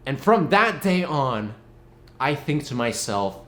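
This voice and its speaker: A young man vlogging casually, playful and mock-dramatic, swinging between loud outbursts and low asides. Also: sing-song, slow. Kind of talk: casual animated vlog rant. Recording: echoey room with faint noise.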